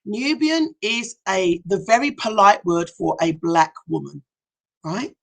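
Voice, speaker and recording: A woman's voice: medium pitch, expressive, a little slow, vocal fry. A middle-aged woman, a hypnotherapist and life coach, speaking earnestly and emphatically to viewers on a live stream, often asking them direct questions. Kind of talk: heartfelt motivational live talk.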